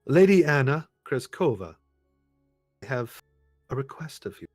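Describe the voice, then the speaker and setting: A man voicing a calm, devout older abbot who speaks in a measured, pious way. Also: mid-range voice, no room sound, studio quality, soft background music, voice pushed up. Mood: smooth, bargaining.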